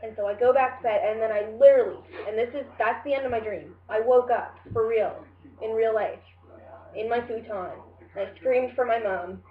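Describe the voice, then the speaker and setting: A woman's voice: fairly high pitch, normal speed, narrow, tinny audio. A young woman casually telling a long dream story, rambling with many "like" and "you know" fillers and frequent swearing. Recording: echoey room.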